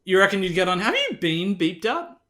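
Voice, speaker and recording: A man's voice: sits high, sing-song, a little fast, bright, forceful tone. A man co-hosting a podcast, chatting casually about a film, argumentative and swearing freely. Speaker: podcast co-host. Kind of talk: casual film-review chat.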